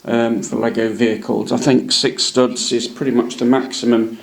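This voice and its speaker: Man hosting a hobby show, gravelly, chatty and halting, echoey room. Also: mid-range voice, level tone. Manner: chatty, hesitant, many ums and uhs. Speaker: hobby channel host. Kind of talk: casual show-and-tell narration.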